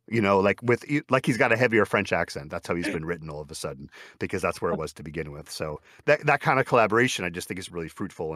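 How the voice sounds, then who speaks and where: A man's voice: deep voice, fairly bright tone, no echo, clean studio sound. A man who narrates audiobooks, chatting casually in an interview over a video call, often stopping himself mid-sentence and acting out little back-and-forth exchanges. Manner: chatty, self-interrupting, acts out quoted exchanges. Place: small home recording booth.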